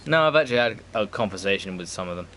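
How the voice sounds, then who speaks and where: A male streamer talks over his gameplay in a loose, rambling way, swearing often and restarting his sentences. His pitch swings widely as he goes. A faint hiss sits under the voice. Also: lively intonation, fast talker, a bit bright. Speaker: streamer playing a game with friends. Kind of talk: casual chat over gameplay.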